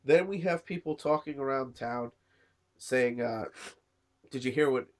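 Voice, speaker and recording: Man, sick, coughing, casual rambling review, middle pitch. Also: unhurried. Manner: rambling, lots of "you know" and "uh". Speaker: manga reviewer. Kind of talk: casual chat.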